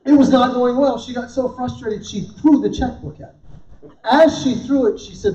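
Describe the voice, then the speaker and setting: Performing stand-up for a live crowd in an event hall, this middle-aged man tells punchy stories at his own expense and throws questions to the audience. His voice is very high-pitched at normal speed, and the roomy, distant, dull recording carries background noise.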